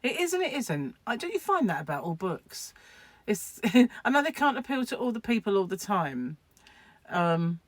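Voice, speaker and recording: A woman's voice: medium pitch, very animated, normal speed, no room sound. A woman chatting casually to camera at home, rambling and laughing at her own asides. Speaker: crochet vlogger.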